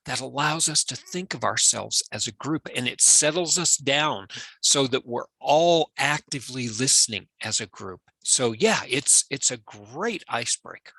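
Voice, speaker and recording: A man's voice: medium pitch, expressive, measured pace, gravelly, bright, forceful tone, slightly rough, no room sound, poor audio. A man co-hosting a podcast in casual chat, talking animatedly and repeating words as he gets going. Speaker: podcast co-host.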